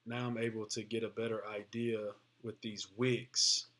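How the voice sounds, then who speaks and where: A man with a somewhat low voice walks through a screen-share tutorial in a relaxed, informal way. He fills pauses with "uh" and keeps checking in with "right?". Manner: explains informally, with frequent "uh" and "right?". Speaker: trading tutorial presenter.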